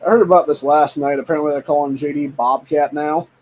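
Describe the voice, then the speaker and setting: Reading headlines on his political podcast, this young host from Ohio reacts with angry, foul-mouthed rants in a casual commentary style. His voice is a little high and darkish, fairly even in intonation, and quick. The low-quality recording carries slight hiss or hum.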